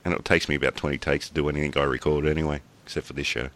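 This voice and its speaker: A man's voice: a bass voice, little pitch movement, very fast, a bit bright. An Australian man co-hosting a podcast in casual chat, rambling, swearing casually and laughing often. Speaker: podcast co-host.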